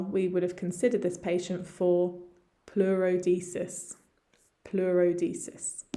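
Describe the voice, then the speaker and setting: A woman with an English accent teaching medical English, repeating words slowly and clearly for pronunciation practice. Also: fairly low pitch, mellow. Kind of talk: lesson narration over slides.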